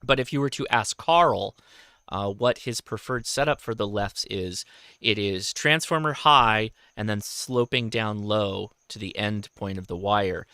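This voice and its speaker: A man hosting a casual livestream, talking in a halting way and often correcting himself. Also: lowish voice, sharp tone, smooth, dry recording, clean studio sound. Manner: halting, self-correcting, reads viewer questions aloud. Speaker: host.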